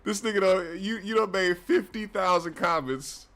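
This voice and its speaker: A man's voice: high voice, normal speed, fairly bright tone. A man hosting a reaction show, mocking online commenters with crude, laughing banter. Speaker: show host reacting to clips.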